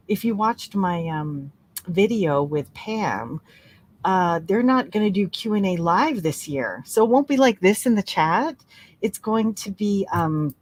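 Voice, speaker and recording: A woman leading a relaxed crochet-along tutorial, chatting and laughing, counting stitches aloud softly. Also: on the low side. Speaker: crochet teacher. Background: soft relaxing music.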